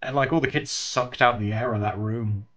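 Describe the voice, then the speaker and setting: A man's voice: mid-range voice, normal speed, a bit bright. A man streaming while he draws, chatting casually with viewers, thanking them and telling stories with plenty of laughter. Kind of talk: casual chat while drawing.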